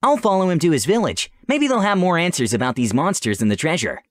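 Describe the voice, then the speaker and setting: A man voicing a brash, adventurous young princess in a bright, bouncy, impulsive way for a storybook tale. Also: on the high side, big pitch swings, quick pace, dry recording, clean studio sound, voice pushed up. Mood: eager, playful. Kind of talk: storybook role-play reading.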